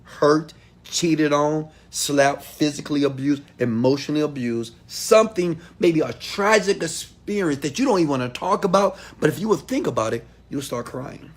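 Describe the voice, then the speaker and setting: A man giving a motivational talk to an audience, preachy and direct, swinging from loud calls to hushed asides. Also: a little high, expressive, normal speed. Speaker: motivational speaker.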